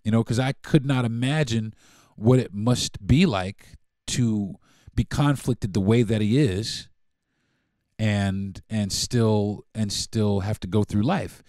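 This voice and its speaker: A podcast host, a man, telling a story in a casual, animated, profane way and acting out the dialogue. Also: lowish voice, takes it slowly, no room sound, studio quality.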